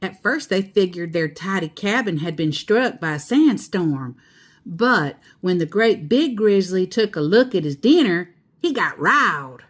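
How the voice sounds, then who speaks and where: A woman reading a children's picture book aloud in a slow, expressive storyteller voice. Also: on the low side. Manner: slow, expressive, laughing asides.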